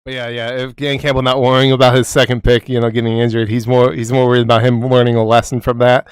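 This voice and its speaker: Dude on a football podcast, swears a ton, laughs a lot, dry close mic. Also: male voice, medium pitch, flat delivery, quick pace, clean tone, no room sound. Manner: profane, laughing, hyped. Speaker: podcast co-host. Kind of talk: casual sports chat.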